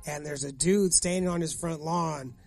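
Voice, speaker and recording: Gravelly, profane storytelling guy. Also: a little high, moderate pace, dry recording, faint music behind. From Gardena, Los Angeles area. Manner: profane, animated storyteller, acts out voices. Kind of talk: casual chat, storytelling.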